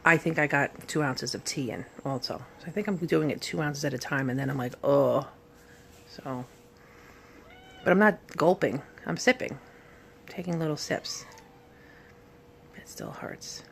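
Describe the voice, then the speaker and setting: Woman vlogger, worn out and sore after surgery, gravelly low fry, halting delivery, faint room noise. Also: fairly bright tone. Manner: halting, rambling, with many fillers and restarts. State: tired and in pain after surgery. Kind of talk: casual recovery vlog. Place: at home, sitting in bed.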